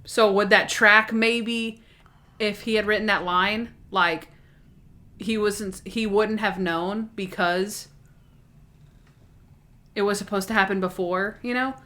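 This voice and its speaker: A woman co-hosting a podcast, talking in an animated, rambling way with restarts and quoted asides. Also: medium pitch, takes it slowly, long pauses. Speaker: podcast co-host. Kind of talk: casual chat.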